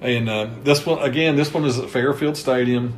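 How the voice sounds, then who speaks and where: A man's voice: medium pitch, moderate pace. Chatty Kentucky man reciting football stats. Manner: chatty, reels off season statistics. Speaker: host interviewing a former coach. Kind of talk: casual sports history interview.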